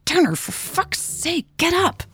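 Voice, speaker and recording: A woman's voice: medium pitch, steady tone, unhurried, dark tone, voice pushed up, lightly acted. A woman voicing a panicked captive woman, hissing and hostile, in a read-aloud story. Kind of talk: audiobook character voice.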